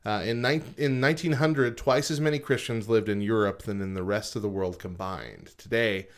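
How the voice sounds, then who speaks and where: Lower-voiced man reading stats on a podcast. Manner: reads figures from a list with frequent "uh" pauses, then comments informally. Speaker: podcast co-host. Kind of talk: casual podcast chat, reading statistics aloud.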